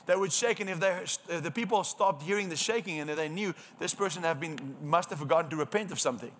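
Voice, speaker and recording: A man's voice: a little high, quick pace, fairly bright tone. A man preaching a sermon, earnest and emphatic, asking the congregation rhetorical questions and often restarting his words.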